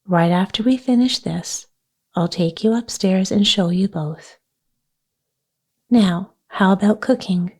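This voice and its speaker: A bossy, practical young girl from a storybook, brisk and emphatic with a scornful edge, as a woman reads her. The voice is slow and mellow. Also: mid-range voice, slightly rough.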